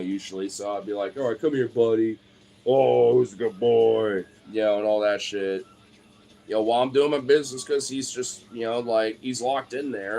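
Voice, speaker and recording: A young man and streamer chatting casually, rambling with lots of filler words and swearing, now and then breaking into a high excited baby-talk voice. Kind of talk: casual chat.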